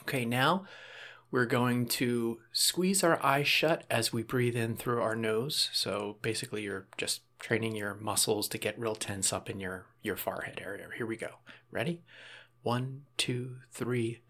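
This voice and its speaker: A man calmly guiding listeners through a breathing and muscle relaxation exercise, step by step, with small casual asides. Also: medium pitch, measured pace. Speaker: relaxation instructor.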